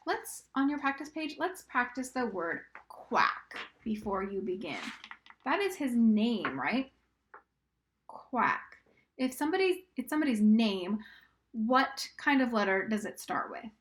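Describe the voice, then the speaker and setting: A woman teaching a recorded reading and writing lesson to young children, patient and encouraging, sounding out words slowly and sometimes dropping to a whisper. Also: a little high, slight background noise.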